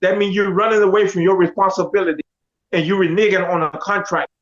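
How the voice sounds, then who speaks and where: Middle-aged man, high voice, animated storyteller who acts out the dialogue, dull lo-fi audio. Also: fast. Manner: animated, quotes others in dialogue. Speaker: guest telling his life story. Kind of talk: casual storytelling.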